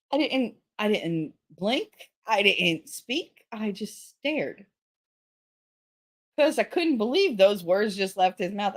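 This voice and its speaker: A middle-aged woman hosting a stream, chatting casually with her viewers in a blunt, profane way and laughing often. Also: a little high. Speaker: livestream host. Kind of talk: casual chat with live chat.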